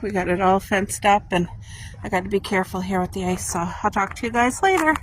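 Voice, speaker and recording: A woman's voice: mid-range voice, fairly even intonation, brisk, a little hiss or hum. A middle-aged woman from Canada chatting casually through a home vlog, homey and talkative, with little apologetic asides. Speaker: vlogger.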